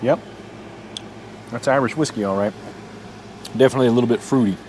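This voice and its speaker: A middle-aged man from Oklahoma, speaking briskly in a mid-range, slightly mellow voice, films a rambling, casual camping vlog. He's around his truck at a campsite, addressing his dog, with faint bugs audible.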